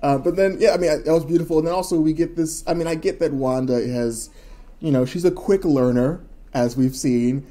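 With a fairly high, warm voice and a brisk pace, this man co-hosts a podcast in loose, excited, rambling chat full of fillers.

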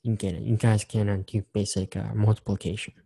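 A man's voice: on the low side, level tone, brisk, vocal fry, mellow, slightly rough. A man teaching an engineering programming lesson, talking casually and walking through examples step by step with some repetition. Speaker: engineering instructor. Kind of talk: recorded screen-share lecture.

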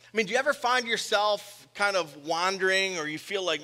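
High bright-voiced male preacher in a hall. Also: a little fast. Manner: expressive, swings from loud emphasis to soft storytelling. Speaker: pastor. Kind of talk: sermon. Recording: live sermon with long hall reverb.

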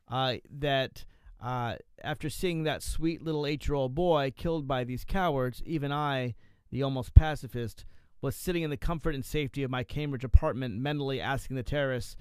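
A male talk radio host with a smooth, resonant voice, recorded dry and close on a studio mic. He talks loosely, with plenty of uhs and restarts. His pitch sits in an ordinary middle range. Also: moderate pace, no echo. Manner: conversational, with frequent fillers and restarts.

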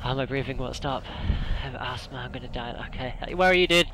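A man's voice: medium pitch, brisk. A young man hosting a let's play, panicky and out of breath, swearing and jumpy as he plays. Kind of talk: casual gaming commentary. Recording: noisy home recording.

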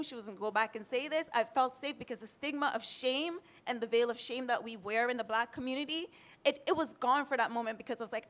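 This Jamaican panelist in her thirties recounts her own experience with candor and feeling, near tears at moments. Her voice is on the high side with a fairly bright tone.

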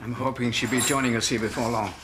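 An actor playing a courteous male hospital doctor who smoothly tries to win a colleague over. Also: medium pitch, steady tone, fast, background noise, close to an everyday voice. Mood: persuasive. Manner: smooth, persuasive. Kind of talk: TV drama acting.

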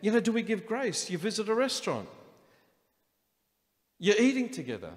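A man preaching a sermon as pastor, animated and acting out the inner voices of his listeners. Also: sits high, normal speed. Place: church hall. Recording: long hall reverb.

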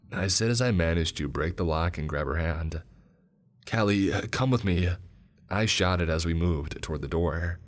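A man narrating a horror story in a steady, grave tone. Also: low-pitched. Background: soft music.

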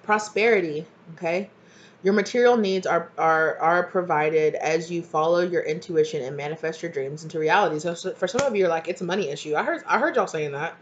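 Speaking a little fast in a mid-range voice, a tarot reader works through a casual collective reading, full of fillers and repeated "you know," in an earnest, encouraging manner. The audio is muffled, with a bit of hiss or hum.

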